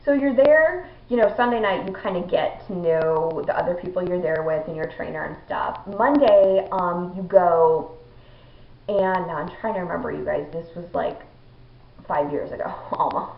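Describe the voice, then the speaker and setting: A woman's voice: lowish voice, normal speed, gravelly. A young woman telling a personal story to her viewers in a chatty vlog, with many ums and likes. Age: young adult. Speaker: vlogger. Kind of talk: casual storytelling to camera. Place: her home, indoors. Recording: echoey room, dull lo-fi audio.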